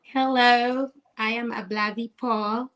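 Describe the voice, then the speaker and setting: A woman's voice: on the high side, steady tone, takes it slowly, fairly bright tone. A woman from Togo introducing herself as a panelist, earnest and a little flustered.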